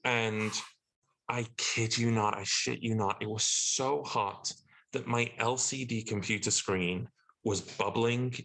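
A British man, a guest actor on a podcast, telling an animated story and acting out the exchanges he quotes. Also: on the low side, slow, poor audio. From Britain.

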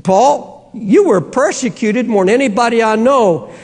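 This is an unshakable man of faith, played by a preacher as an apostle who cries out defiantly. The voice sits very high for a man. A long reverb trails every word. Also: unhurried, breathy edge, full character voice. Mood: calm steadfast. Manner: shouting defiance.

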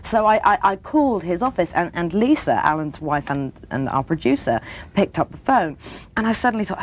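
A woman telling a lively anecdote as a guest on a studio talk show, acting out the voices in her story. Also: on the low side, a little fast. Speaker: actress guest.

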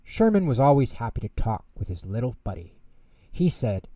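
Expressive male bedtime storyteller. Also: mid-range voice, moderate pace, no echo, recorded from a distance. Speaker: storyteller host.

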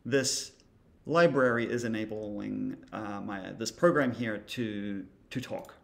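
A man's voice: on the low side, slow pace, vocal fry. A man teaching creative coding in a casual screen-recorded tutorial, thinking aloud as he demonstrates, with a wry, dry humor.

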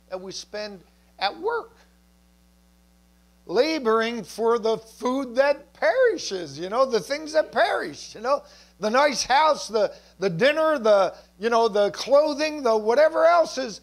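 A male pastor preaching a sermon in a church, conversational, with asides and jokes. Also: sits high.

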